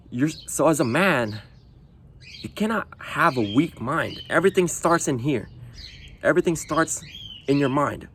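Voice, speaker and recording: A man's voice: mid-range voice, slight background noise. A man talking bluntly to the camera in a casual monologue, swearing often and tagging lines with "you know". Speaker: vlogger.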